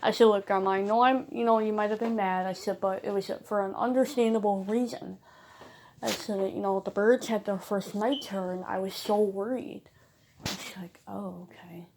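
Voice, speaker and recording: A woman's voice: medium pitch, fairly even intonation, normal speed, a little mellow, slight background noise. Chatty young woman telling a story. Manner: chatty, rambling, emphatic with frequent fillers. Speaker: bird owner vlogger. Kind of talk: casual storytelling vlog.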